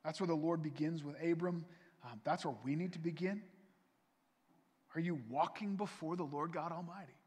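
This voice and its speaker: A man preaching a sermon as pastor, earnest and pleading, his voice swelling louder and then dropping soft. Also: fairly high pitch, normal speed, husky. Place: church sanctuary. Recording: long reverb from a church hall.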